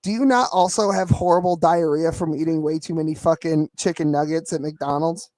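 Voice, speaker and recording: A man's voice: a little high, steady tone, a little fast, darkish tone, no room sound. A man, co-hosting a casual online show, rambling and swearing with frequent restarts. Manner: rambling, profane, restarts often. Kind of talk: casual profane banter.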